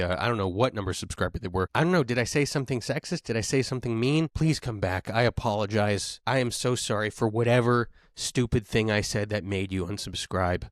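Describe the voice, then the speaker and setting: A man's voice: on the low side, dry recording, studio quality. A man in his thirties hosting a podcast, doing a stand-up comedy monologue with exasperated, self-mocking rants. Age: 30s. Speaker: podcast host.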